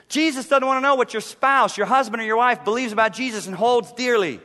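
In a church sanctuary, a male pastor preaches emphatically, repeating key lines and sinking into a low, intense hush. The space is a large hall.

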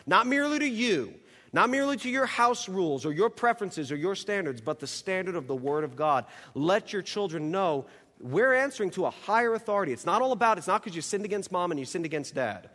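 A man with a slightly high voice preaches a sermon, earnest and emphatic as he works through numbered points. His voice rings out in a church hall with a long, trailing reverb. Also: very animated, brisk, fairly bright tone.

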